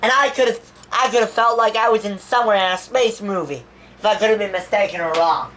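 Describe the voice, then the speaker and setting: A woman's voice: medium pitch, fast talker, a bit bright, far from the mic, a little hiss or hum, pitched above the performer's own voice, close to an everyday voice, poor audio. A woman voicing a grieving young man who gives a rambling, stammering eulogy in a homemade toy-figure animation. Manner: stammering, repeats words, rambling. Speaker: eulogy speaker.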